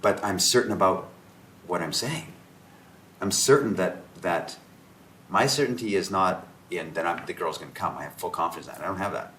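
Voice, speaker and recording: Seated around a table, a Canadian man who is an author and host spins animated stories, performing the dialogue as he goes. He speaks low at a normal speed, with a roomy echo and faint background noise in the recording.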